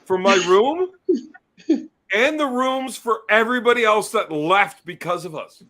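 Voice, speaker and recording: Brash high-voiced man telling stories. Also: expressive, measured pace, sharp tone. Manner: swearing, storytelling, brash. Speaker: arm wrestler. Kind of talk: casual chat.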